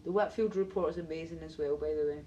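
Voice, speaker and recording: A woman's voice: deep voice, fast talker, muffled recording, noisy background. A Scottish woman live streaming, chatting bluntly and casually, swearing and reading out video titles as she goes. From Scotland.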